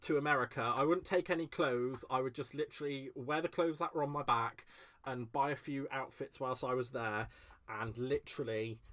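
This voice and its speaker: A man's voice: mid-range voice, steady tone, normal speed, a bit bright. A man hosting a crafting livestream from his home craft space, chatting casually and gushing as he answers viewer comments. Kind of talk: casual live-stream chat while crafting.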